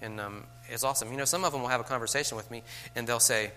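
A middle-aged male teacher speaking to a room of fellow educators, his voice bright and forward. He talks conversationally, tossing in rhetorical questions and little chuckles. A faint hum sits behind him. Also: medium pitch, racing.

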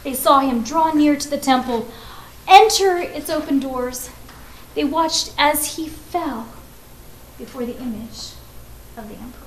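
A woman with a fairly high voice reads a story aloud to children. She stops now and then to ask her listeners friendly questions. Her delivery is plain and conversational between the dramatic passages. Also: measured pace, pauses often, a little hiss or hum, low-quality recording.

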